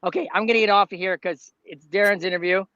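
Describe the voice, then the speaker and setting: A man's voice: high voice, steady tone, quick pace, pushed and bright, smooth, no echo. A man chatting affectionately with friends over a video call. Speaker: friend calling in. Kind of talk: casual chat on a video call. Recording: dull lo-fi video-call audio.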